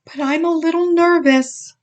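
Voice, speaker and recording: Storybook hen: timid young mother, high and small, voiced by a woman. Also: fairly even intonation, unhurried. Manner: timid, whimpering.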